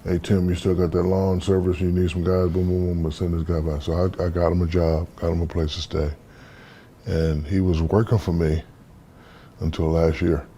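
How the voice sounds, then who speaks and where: A man in his fifties from the United States, an interview guest telling stories in a relaxed, casual way and acting out the voices in them. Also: deep voice, normal speed, a little hiss or hum. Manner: relaxed storyteller, acts out quoted dialogue.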